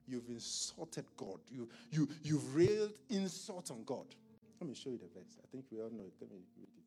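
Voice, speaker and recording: A man preaching a sermon at a church service in a conversational style, asking the congregation questions and clearing his throat. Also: mid-range voice, very animated, moderate pace, warm tone, faint music behind. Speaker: pastor.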